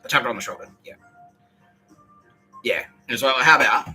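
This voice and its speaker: An Australian man rambles through a story on his podcast, swearing constantly and breaking into laughter. His voice is bright and forceful, with faint music playing behind him. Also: mid-range voice, brisk, poor audio. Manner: profane, laughing, agitated storytelling. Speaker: podcast host. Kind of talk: rambling monologue.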